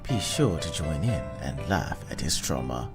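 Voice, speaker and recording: A voice-over, pitched down very deep, playing a booming male show announcer over guitar music. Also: sing-song, unhurried, exaggerated voice. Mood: mock-grand. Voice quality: very deep, heavily lowered voice.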